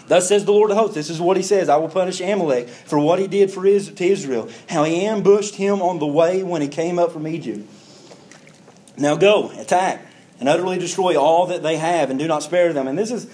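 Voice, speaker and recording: A man's voice: high voice, dark tone, slight background noise. A man preaching a sermon who reads scripture aloud, acts out the speakers in the verses, and breaks in with plain commentary. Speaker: pastor. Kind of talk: sermon reading and explaining scripture.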